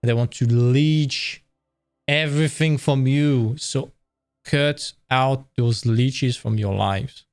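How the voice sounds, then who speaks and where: A man's voice: medium pitch, slow pace, smooth, no echo, clean studio sound. A man giving a casual livestream presentation of career advice, blunt and candid, swearing freely and acting out quoted lines in a raised voice.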